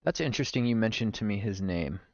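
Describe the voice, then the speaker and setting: Animated swearing male streamer. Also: on the low side, fast talker, dry recording, dull audio. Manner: animated, swearing, talks to chat. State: recovering from gallstones. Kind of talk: casual live-stream chat.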